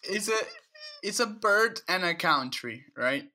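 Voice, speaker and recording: A man co-hosting a podcast in casual chat, playful and teasing, firing off animated questions. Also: high voice, measured pace. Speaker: podcast co-host.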